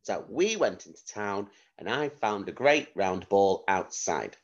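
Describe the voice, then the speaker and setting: Slow, lively-voiced male teacher. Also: on the low side, lo-fi sound. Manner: slow, clear dictation, spelling out letters. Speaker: primary school teacher. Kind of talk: phonics lesson video.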